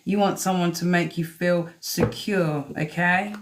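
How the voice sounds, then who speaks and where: Woman, live tarot reader; chatty, blunt, swears at the cards, lowish voice. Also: fairly even intonation, measured pace. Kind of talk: live-stream tarot reading.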